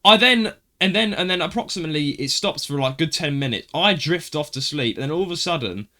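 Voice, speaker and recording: A man co-hosting a casual chat show, telling stories with lots of animation. His voice is bright and forward, and he keeps dropping "mate" as he talks. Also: fairly high pitch, brisk. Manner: animated storytelling, swearing, says "mate" a lot. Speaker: podcast co-host.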